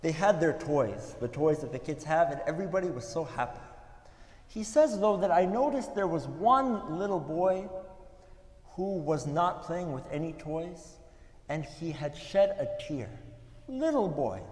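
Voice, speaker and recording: A man giving a sermon at a religious gathering, telling stories in an earnest way with pauses. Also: on the high side, big pitch swings, a little mellow. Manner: earnest, storytelling with pauses, some restarts. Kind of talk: sermon storytelling. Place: mosque hall. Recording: echoey hall with long reverb.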